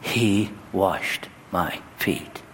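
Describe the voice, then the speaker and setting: A male pastor delivering a sermon in a church, his voice jumping high and loud on key words. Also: very slow, slight background noise. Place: church sanctuary. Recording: long hall reverb, faint ambience.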